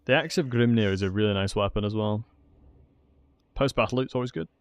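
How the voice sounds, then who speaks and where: A man giving casual, excitable commentary while streaming a strategy game and talking to his chat. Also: fairly low pitch, fairly quick, no echo. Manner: chatty, excitable, talks to chat.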